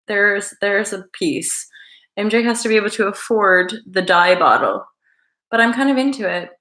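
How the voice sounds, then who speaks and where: Bright, playful woman livestreaming. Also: mid-range voice, normal speed, reverberant. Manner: rambling, playful, affectionate. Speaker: livestream host. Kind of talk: casual live-stream chat with viewers.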